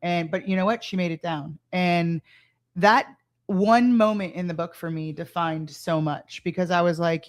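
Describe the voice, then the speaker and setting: A woman's voice: on the low side, moderate pace. A woman entrepreneur chatting on a talk show, telling stories with many fillers and restarts. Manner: rambling storyteller with many fillers. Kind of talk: casual chat.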